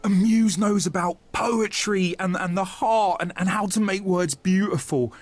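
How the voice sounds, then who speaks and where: A man's voice: high-pitched, unhurried, no echo. An actor playing a shy, lovestruck young man who stammers nervously in voiced game dialogue. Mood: earnest. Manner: stammering, flustered.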